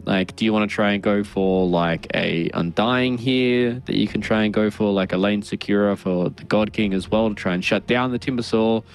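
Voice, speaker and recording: A man's voice: lowish voice, steady tone, moderate pace, hardly any pauses, clear, resonant tone, soft background music. A man giving esports draft analysis as a caster, thinking aloud with many fillers and restarts.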